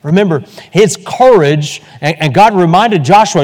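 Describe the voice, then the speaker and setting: A male pastor preaches with fervent emphasis, often doubling back on words to drive a point home. His voice sits a little on the high side. It carries with a long reverb, as in a church sanctuary. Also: moderate pace, hardly any pauses, a little mellow. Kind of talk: sermon.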